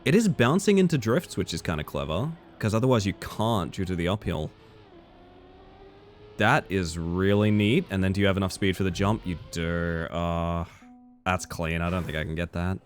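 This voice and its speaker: A man's voice: sits low, moderate pace, soft background music. A young man streaming a game live, chatting casually with viewers and swearing freely. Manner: casual and profane, reading and answering chat. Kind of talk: casual live-stream chat while gaming.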